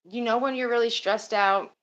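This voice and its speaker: A woman's voice: fairly high pitch, steady tone, moderate pace, a bit bright, highs cut off. A woman streaming and chatting casually with her viewers, rambling and swearing now and then. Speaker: streamer talking to her chat. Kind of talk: casual livestream chat.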